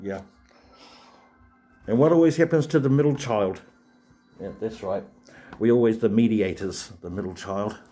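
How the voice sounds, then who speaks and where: A man's voice: on the low side, normal speed, long pauses, warm tone, faint music behind. A man, hosting a live stream and rambling chattily to viewers with many fillers and restarts. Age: 40s.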